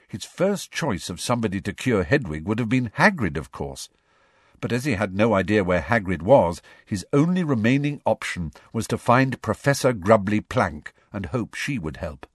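A man narrating a storybook in an expressive storytelling manner. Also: fairly low pitch, normal speed, slightly rough, no echo, clean studio sound. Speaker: audiobook narrator. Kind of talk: scripted narration.

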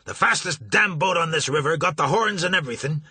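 A man puts on a blustering older steamboat captain, loud and blunt, with a folksy drawl. His voice is husky and bright, and his pitch climbs high when he shouts. The sound is close and dry. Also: a little fast, no room sound, full character voice. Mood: indignant.

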